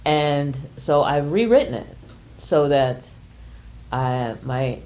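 The workshop leader is an older woman whose low-pitched, expressive voice stays gentle as she describes an exercise and recounts a personal story, hesitating with frequent pauses.

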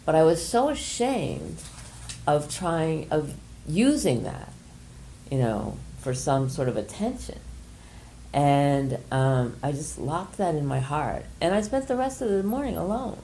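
An older woman with a low, mellow voice guides a small group through a reflective exercise. She talks gently and hesitantly, pausing often and filling gaps with soft fillers. A faint background hum sits under her voice. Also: sing-song. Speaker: workshop leader. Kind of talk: guiding a group exercise and sharing a personal story.

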